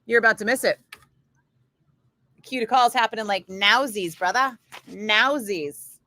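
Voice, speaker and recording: A woman radio DJ chatting casually in her studio, answering viewer comments in an animated way with lots of fillers. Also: fairly high pitch, moderate pace.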